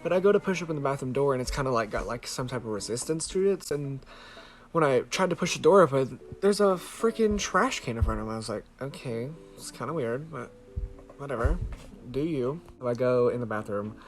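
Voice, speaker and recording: A man's voice: medium pitch, animated, fairly quick, a little hiss or hum. Chatty man rambling to the camera. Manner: rambling, swears freely, fillers of "like". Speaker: vlogger. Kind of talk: casual storytelling to camera. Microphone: handheld camera close to face.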